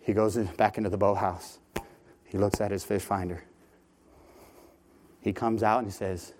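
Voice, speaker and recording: A man preaching a sermon from a church pulpit. He tells a story with lively energy and often repeats words as he starts a phrase. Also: on the low side, normal speed, pauses often, a little hiss or hum. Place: church sanctuary.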